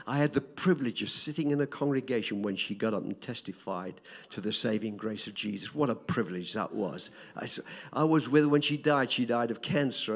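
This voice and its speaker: Older preacher guy, sermon, gets loud and repeats stuff then drops real quiet. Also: on the low side. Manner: dramatic swings between loud emphatic repetition and soft hushed drops.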